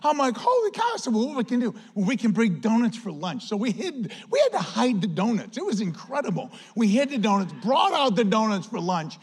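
A pastor preaches a sermon in a chatty, animated way, telling a story peppered with "like" and acted-out quotes. His voice is high-pitched and husky, and he talks a little fast with hardly any pauses.

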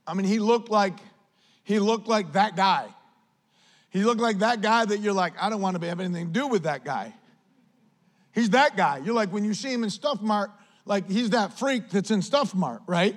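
A man preaching a sermon as pastor, praying and then telling stories in a lively, conversational way. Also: sits high, normal speed. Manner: animated, conversational preaching with storytelling. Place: church sanctuary.

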